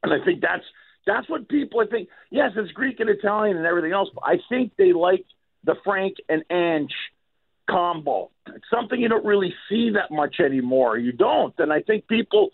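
A man guest comedian chatting casually on a radio show, rambling and often clearing his throat. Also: sits high, expressive, moderate pace. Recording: tinny phone-like sound.

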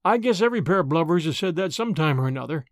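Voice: medium pitch, animated, quick pace, no echo, studio quality, natural voice. A reader voicing a brash, confident young man with an American accent, blunt and persistent. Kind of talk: audiobook character voice.

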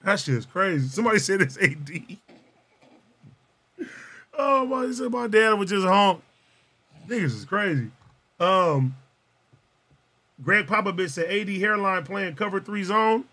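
A man's voice: high-pitched, lively intonation, a little slow, pauses often, bright, forceful tone. A young man hosting a casual podcast, joking in crude slang, reading out the live chat and laughing often. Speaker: podcast host.

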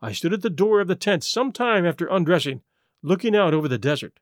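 A man reading a story aloud in measured first-person narration. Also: high voice, expressive, no echo, studio quality. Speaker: audiobook narrator.

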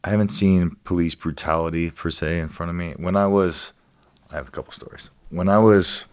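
A man's voice: deep voice, steady tone, brisk, clear, resonant tone, no room sound. A man in his thirties, a guest on a podcast, telling a story in casual, profane talk and acting out the quotes. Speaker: guest, professional fighter.

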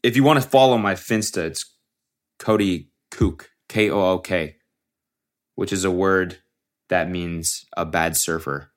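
Low-voiced rambling, swearing podcast host. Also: male voice, measured pace. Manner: rambling, profane, self-interrupting. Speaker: podcast host and aspiring comedian. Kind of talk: casual solo podcast monologue.

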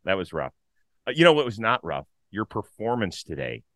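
A man hosting a baseball talk show, upbeat and lively in casual chat. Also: fairly low pitch, a little fast, no echo. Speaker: host.

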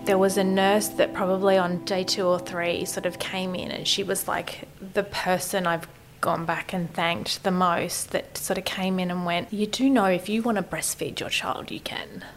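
A woman in her thirties telling a personal story candidly, often softening to a near whisper. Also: fairly low pitch, steady tone, normal speed, soft background music, poor audio.

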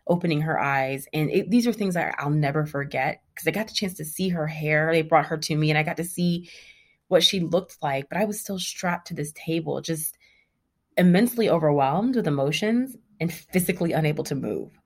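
A woman in her thirties candidly retelling a personal story in a lively, conversational way. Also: low-pitched, a little fast.

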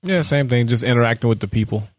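A man's voice: mid-range voice, animated, quick pace, a little mellow, no room sound. A man co-hosting a casual gaming podcast, talking in a blunt, profane, joking way. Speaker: co-host.

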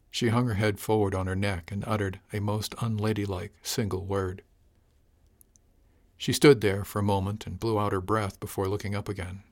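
Low-voiced man narrating a first-person audiobook. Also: a little fast.

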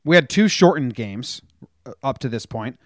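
A man hosting a casual sports podcast, upbeat and joking in fast banter with his co-host. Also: medium pitch, animated, no room sound, studio quality. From New Jersey.

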